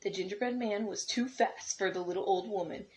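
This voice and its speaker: A woman's voice: mid-range voice, fairly quick. Woman reading storybooks to preschoolers. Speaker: preschool teacher. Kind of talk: reading storybooks aloud to children. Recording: dull lo-fi recording.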